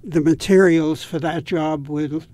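A man speaking as a guest on an interview, explaining things in a measured, patient way. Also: on the high side, fairly even intonation, mellow. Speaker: guest from a home repair volunteer group. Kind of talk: interview answers.

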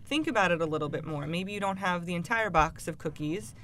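Woman guest expert, steady and even advice, slight background hiss. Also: lowish voice. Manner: calm, measured, lots of you-know fillers. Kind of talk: casual advice chat.

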